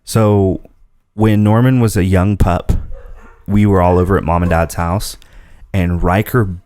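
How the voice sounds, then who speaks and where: A man's voice: low-pitched, steady tone, a little slow, dark tone, no echo. A man hosting a casual podcast, telling rambling stories and laughing often. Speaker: podcast host. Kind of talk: casual chat.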